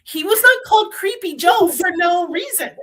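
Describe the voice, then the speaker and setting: A woman's voice: very high voice, expressive, normal speed, a bit bright, slight background noise, poor audio. A woman guest with a strong, trained voice, speaking fervently and bluntly in a conversation and swearing freely. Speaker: podcast guest. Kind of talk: impassioned conversational rant.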